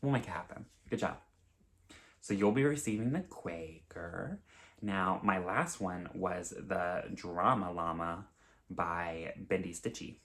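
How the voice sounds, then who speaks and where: A man's voice: low-pitched, slow, fairly bright tone. A young man in his twenties chatting casually with viewers in a home craft vlog, rambling and openly emotional. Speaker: cross-stitch vlogger. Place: home, indoors.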